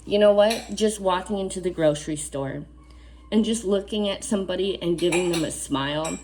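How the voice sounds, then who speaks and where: A woman reads oracle cards aloud in a slow, unhurried way, with a slightly low voice. She adds earnest, casual asides and repeats key phrases for emphasis. Faint clatter of dishes can be heard behind her. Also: darkish tone, slight background noise. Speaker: oracle card reader. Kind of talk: spiritual card reading to camera.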